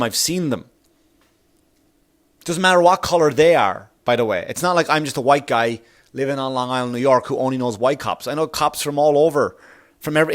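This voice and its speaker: A man hosting a solo comedy podcast, rambling and swearing, and getting heated as he goes. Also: a little high. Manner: rambling, profane, gets heated. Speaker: podcast host.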